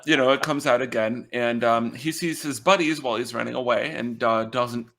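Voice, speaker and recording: A man with a gravelly, fry-touched voice chats casually as a podcast co-host. He talks haltingly, filling gaps with ums and uhs, and keeps his humor dry and wry. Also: medium pitch, fairly bright tone. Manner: hesitant, full of ums and uhs.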